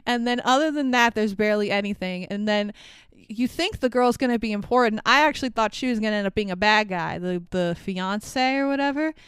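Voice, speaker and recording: Woman podcast host, casual, swears a lot, laughs often, smooth higher voice, dry close sound. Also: fairly quick, fairly bright tone, no echo. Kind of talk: casual chat about movies.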